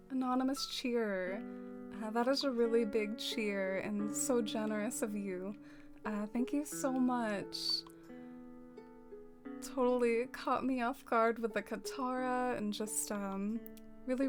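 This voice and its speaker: A soft-spoken woman with a slightly high voice chats casually while streaming, talking straight to her viewers. Faint music plays behind her. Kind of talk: casual livestream chat.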